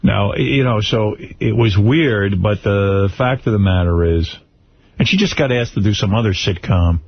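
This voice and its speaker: A man's voice: lowish voice, normal speed, dry recording. A man hosting a radio talk show, teasing his guest bluntly and crudely. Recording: dull radio broadcast audio.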